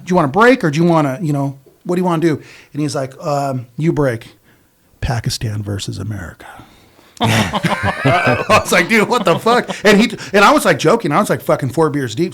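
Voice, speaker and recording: Casting: man, fairly high voice, loose profane storyteller with lots of false starts. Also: animated, fairly quick, a bit bright. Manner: rambling, profane, many restarts. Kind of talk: casual storytelling chat.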